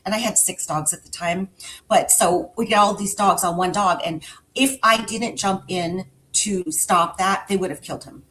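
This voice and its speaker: Reflective woman with a lowish voice. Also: moderate pace, sharp tone, poor audio. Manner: reflective, searching for words. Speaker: podcast guest. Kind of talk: casual podcast conversation.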